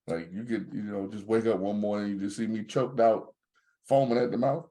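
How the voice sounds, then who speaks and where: A man's voice: fairly low pitch, a little fast. A man co-hosting a podcast, in casual joking banter. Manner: joking, animated storyteller. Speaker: podcast co-host.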